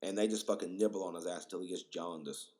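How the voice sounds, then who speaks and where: A young man hosting a casual solo podcast, rambling and profane, excitable and full of fillers. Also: deep voice, fast talker. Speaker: podcast host.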